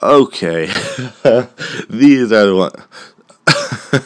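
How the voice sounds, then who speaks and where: Male podcast host, very low voice, unhurried delivery, casual rambling chat, profane. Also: expressive, no echo, clean studio sound. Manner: rambling, profane, laughing asides. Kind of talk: casual movie recap podcast.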